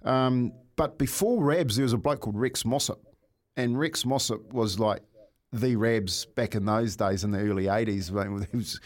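A man chatting casually on a radio show, rambling and relaxed. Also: mid-range voice, normal speed. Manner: rambling, relaxed, says mate and like. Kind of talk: casual storytelling chat.

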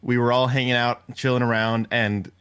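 A man's voice: medium pitch, flat delivery, moderate pace, fairly bright tone, smooth. A man in a band, a podcast guest telling stories in a laid-back way and swearing casually.

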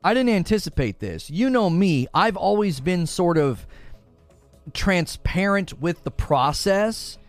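Guy doing a gaming stream, super lively voice, kinda high, dry close sound, faint music behind. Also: a little slow, dry recording. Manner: animated, talks through examples and acts out imagined quotes. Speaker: gaming livestream host. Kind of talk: casual livestream commentary.

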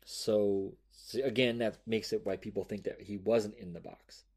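Man, podcast co-host, lowish voice, relaxed true-crime banter with offhand swearing. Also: moderate pace, slightly rough. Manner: reads notes loosely, swears casually, laughs often. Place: home room with a noisy cat.

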